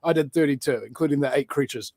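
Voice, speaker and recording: A man's voice: fairly high pitch, fast, a little mellow, no room sound, studio quality. A man co-hosting a casual talk show, rambling and joking as he talks. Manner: jokey, rambling, laughs at own jokes. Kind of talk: casual chat.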